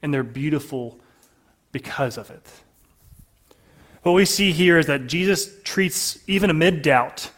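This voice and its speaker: A man with a slightly high voice delivers a sermon as a pastor. He speaks earnestly to the congregation, often dropping soft and low to press a point home.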